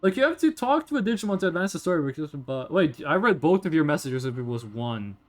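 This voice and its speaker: A man from Norway, chatting to viewers during a live game stream in an animated, joking, rambling way. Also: a little high, fast.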